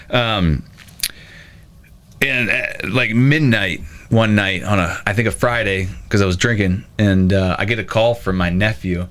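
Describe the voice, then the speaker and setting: Low-voiced man telling a story. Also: a bit bright. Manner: halting personal storytelling. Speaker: guest, brewery owner. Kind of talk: casual podcast conversation.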